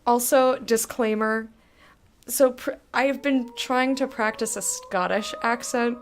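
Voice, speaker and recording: A woman's voice: a little high, fairly even intonation, slow, slight background noise. A woman chatting casually and joking over a game, putting on a slightly odd Irish accent and swearing freely. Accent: put-on Irish. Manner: joking, playful, swears often. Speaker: streamer playing a horror game. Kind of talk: casual chat over gameplay.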